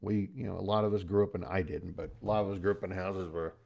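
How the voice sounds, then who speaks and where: A man's voice: low voice, steady tone, fast talker, gravelly, few pauses, darkish tone. A middle-aged man giving a casual motivational talk as host, chatty and folksy, with pop-culture asides.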